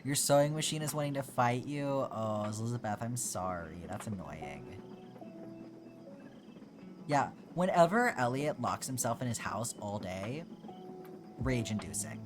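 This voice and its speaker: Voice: medium pitch, expressive, a little slow, pauses often. Chatty streamer from Georgia, music behind. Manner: chatty, thinks aloud with many "like"s and restarts. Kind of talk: casual chat, reading and answering live chat. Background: background music.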